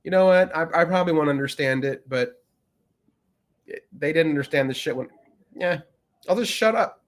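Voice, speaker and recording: A man co-hosting a podcast in casual chat, rambling with many fillers and often trailing off quietly. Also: on the high side, moderate pace. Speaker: podcast co-host.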